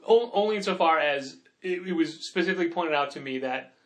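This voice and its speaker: Chatty man with a higher voice. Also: expressive. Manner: rambling, laughs often, quick asides. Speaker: podcast co-host and comic shop owner. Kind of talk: casual chat.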